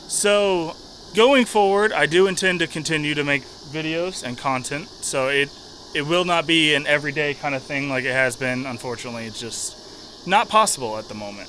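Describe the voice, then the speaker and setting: A man's voice: on the high side, a bit bright, slight background noise. A man vlogging casually outdoors beside a river. He speaks plainly and often repeats himself. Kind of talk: casual outdoor travel vlog.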